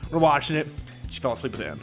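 A man's voice: on the high side, sing-song, rapid-fire, a bit bright, faint music behind. A man in his forties, chatting casually as a podcast co-host, rambling and profane, with lots of restarts. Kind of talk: casual chat.

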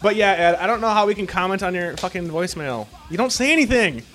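Man, podcast co-host, casual profane banter, joking, slightly high voice, faint music behind. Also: expressive, quick pace, a bit bright. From Minnesota.

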